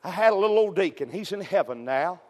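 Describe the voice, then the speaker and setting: High-voiced preacher, hall reverb. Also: male voice, animated, fast. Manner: folksy storytelling, peppered with amen, rising to shouts. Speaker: pastor. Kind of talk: sermon. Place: church sanctuary.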